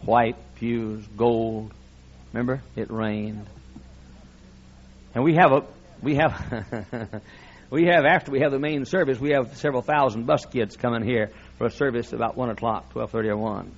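A man's voice: mid-range voice, normal speed, dull audio. A male pastor preaching a sermon with impassioned, folksy delivery and frequent laughter.

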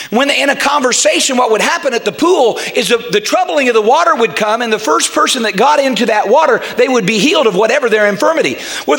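A man preaching a sermon as pastor, swinging into loud shouted passages and stumbling over repeated words. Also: extremely high pitch.

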